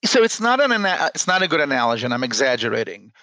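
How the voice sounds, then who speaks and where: A man's voice: mid-range voice, big pitch swings, fast talker, pushed and bright, dry recording, rough recording. A man speaking as a rabbi in an earnest panel discussion, often repeating words as he starts a sentence. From United States.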